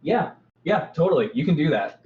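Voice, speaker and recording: A man narrating as game master in a relaxed, descriptive way, stopping now and then to correct himself. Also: on the high side, a little fast, reverberant, lo-fi sound.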